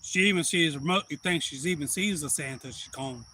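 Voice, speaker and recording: Bright-voiced man telling stories. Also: on the high side, a little fast, slight background noise, low-quality recording. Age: adult father. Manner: rambling, animated retelling with quoted voices. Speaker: outdoors channel host. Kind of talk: casual storytelling on a live stream.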